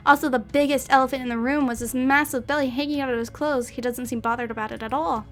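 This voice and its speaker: A young woman with a high voice reads a story aloud, then drifts into giggly, chatty asides. She says "like" often, and faint music plays behind her. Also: fairly even intonation, brisk, a bit bright. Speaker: streamer reading a story.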